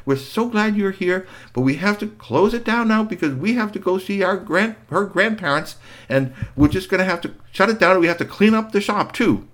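A man voicing a polite, brisk woman doctor in a children's story, apologetic and hurried as she ends a party. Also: high-pitched, lively intonation, a bit bright, pitched above the performer's own voice.

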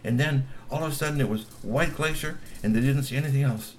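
A man's voice: medium pitch, fast talker, slight background noise. A man telling a long story with exclamations, laughing asides and repeated words. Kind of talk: animated oral storytelling.

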